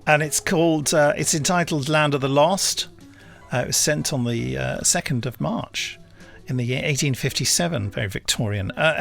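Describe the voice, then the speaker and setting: A man with a gravelly, slightly raised voice hosts a podcast in casual chat. He tells anecdotes and reads listener emails with dry little asides. Faint music plays behind him. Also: fairly high pitch, moderate pace, fairly bright tone. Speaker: podcast host.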